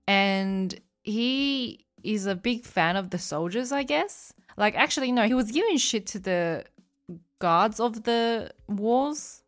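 Young woman, podcast co-host, chatty and animated, casual talk, acts out quotes. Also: medium pitch, a little slow, few pauses, soft background music. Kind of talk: casual chat.

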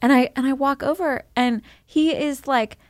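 A woman's voice: high-pitched, fairly even intonation, normal speed, no room sound, clean studio sound. A woman co-hosting a parenting podcast, telling family stories in a chatty way with lots of fillers. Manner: chatty storyteller, many fillers and restarts, laughs easily. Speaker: podcast co-host. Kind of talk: casual chat.

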